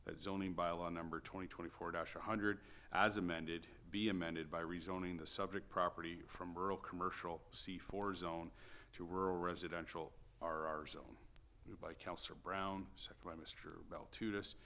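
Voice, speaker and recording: A man chairing a city planning committee meeting, reading motions and calling votes in a brisk procedural way. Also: deep voice, little pitch movement, pushed and bright, slight background noise.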